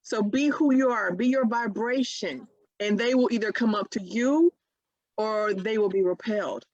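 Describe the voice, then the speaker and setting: A woman co-hosting a podcast in casual chat, animated and acting out quotes. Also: medium pitch, moderate pace, no room sound, dull audio. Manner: animated, exclaims "bam", acts out quotes. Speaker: podcast co-host.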